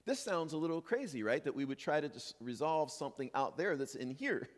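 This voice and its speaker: Lively man preaching in a reverberant hall. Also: fairly high pitch, a little fast. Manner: lively, playful, acts out imagined voices. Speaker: minister. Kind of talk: sermon. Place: church sanctuary.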